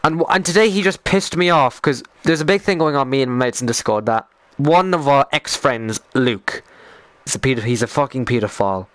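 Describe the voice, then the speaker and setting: A man's voice: medium pitch, a little fast, fairly bright tone, no room sound. A young Irish man chatting casually on a live stream, rambling, swearing freely and getting worked up as he talks.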